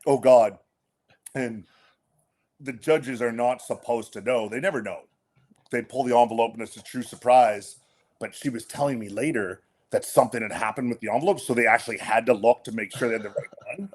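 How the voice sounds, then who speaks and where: A man from Canada, a whisky brand ambassador, telling stories in a casual interview chat, animated and full of fillers, acting out what others said. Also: medium pitch, fairly quick. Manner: animated storyteller, acts out quotes, many fillers.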